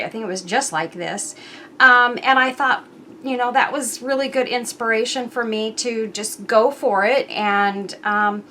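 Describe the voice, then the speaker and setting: A woman's voice: a little high, sharp tone, slight background noise. A middle-aged woman hosting her own crafting channel, chatting in a rambling way with many ums, and moved close to tears. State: emotional, near tears. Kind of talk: casual chatty craft vlog.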